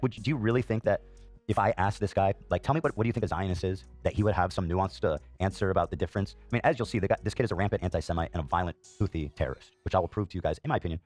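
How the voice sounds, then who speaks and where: Fast, deep-voiced heated male host. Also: a little mellow, no room sound. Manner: heated, swears, frequent fillers and coughs. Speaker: podcast host. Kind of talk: reaction commentary.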